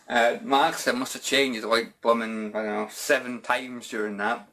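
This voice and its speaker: A man's voice: mid-range voice, flat delivery, normal speed, hardly any pauses, bright, forceful tone. A Scottish man answering viewer questions in a casual, informal vlog chat, often saying "bloody" and "mate". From Scotland. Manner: chatty and informal, says "bloody" and "mate" a lot. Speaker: YouTube gaming channel host.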